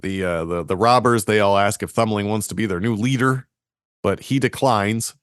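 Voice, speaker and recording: A man, speaking a little low in a dry, close-miked sound. He retells a fairy tale casually, chuckling between jokes. His delivery is loose and playful. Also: normal speed, a bit bright, clean tone, no room sound. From Boston area. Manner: laughs often, loose and joking. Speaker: podcast co-host. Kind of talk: casual chat and story retelling.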